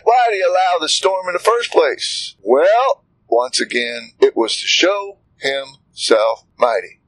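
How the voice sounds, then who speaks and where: Animated folksy man preaching. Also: fairly high pitch, low-quality recording. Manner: folksy, animated, asks many rhetorical questions. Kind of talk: informal devotional talk.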